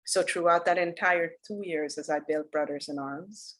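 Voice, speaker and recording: A woman with a fairly low voice gives an unhurried, earnest dharma talk. She leads her workshop as a spiritual teacher and tells the story at a steady pace. She goes soft and quiet at its solemn turns. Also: rough recording.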